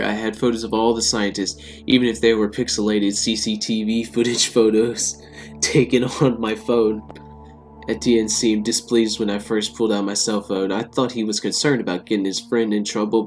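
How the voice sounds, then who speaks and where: A man playing a text game, reading it aloud and talking back to the characters in jokes. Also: fairly low pitch. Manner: joking, talks back to the characters. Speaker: let's play gamer.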